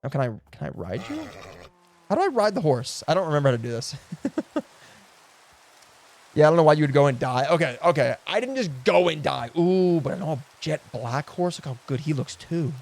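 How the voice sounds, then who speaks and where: A man streaming a game live, chatting casually and excitably, swearing and laughing often, and cooing at the animals he meets. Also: fairly high pitch, fairly quick. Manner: coos affectionately at in-game animals. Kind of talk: casual live gameplay commentary.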